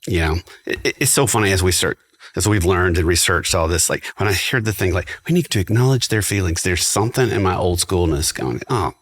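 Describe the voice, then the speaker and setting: Husky deep-voiced man, reflective. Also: brisk, a bit bright. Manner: reflective, quotes himself, talks to dads directly. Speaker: podcast guest. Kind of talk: casual podcast chat.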